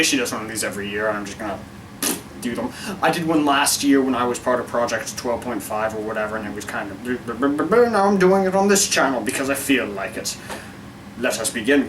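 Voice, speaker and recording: A man's voice: mid-range voice, a bit bright, distant mic, a little hiss or hum, low-quality recording. A man talking casually to camera in a vlog, giving his opinions in a wry, rambling way and often interrupting himself. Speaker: vlogger.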